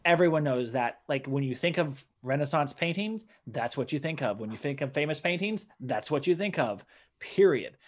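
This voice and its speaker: A man's voice: on the high side, moderate pace. A young man co-hosting a podcast, casually retelling a history story and acting out the people in it. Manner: relaxed, acts out voices in retellings. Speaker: podcast co-host.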